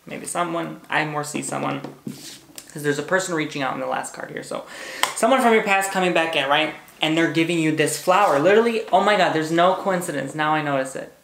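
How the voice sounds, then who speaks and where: A man's voice: a little high, fairly quick, gravelly, a bit bright, roomy sound, a little hiss or hum. A man giving a pick-a-card tarot reading, bubbly and hyper, gushing and repeating words. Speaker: tarot reader.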